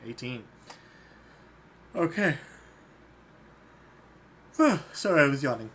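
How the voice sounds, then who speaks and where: A man narrating a tabletop game as game master, relaxed and quick to laugh. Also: fairly high pitch, a little hiss or hum. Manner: relaxed, often breaks into laughter.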